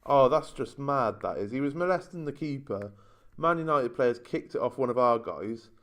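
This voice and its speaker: A man's voice: mid-range voice, animated, moderate pace, fairly bright tone. Exasperated man moaning over a game. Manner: moaning, exasperated running commentary. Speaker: gaming YouTuber. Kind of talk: casual let's-play commentary.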